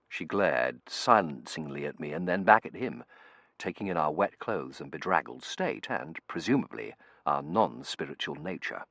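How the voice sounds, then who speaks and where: Gravelly, expressive male narrator. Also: rumbling low, normal speed, no echo. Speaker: audiobook narrator. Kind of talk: scripted narration.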